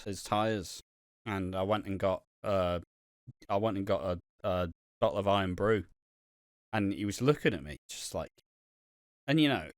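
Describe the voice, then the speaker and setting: A man's voice: on the low side, dry recording, studio quality. A man co-hosting a podcast in casual, rambling chat, swearing freely and laughing often. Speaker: podcast co-host.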